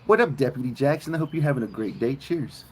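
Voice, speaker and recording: A man from South Mississippi with a Southern American accent, chatting excitably with viewers on a live stream and swearing freely. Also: mid-range voice, quick pace, breathy edge. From South Mississippi, USA.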